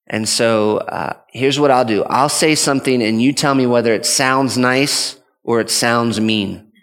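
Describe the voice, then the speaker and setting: A father gives a teaching talk on parenting, earnest and conversational, rambling and often restarting his sentences. His medium-pitched voice is a bit bright and measured in pace, followed by a long reverb tail.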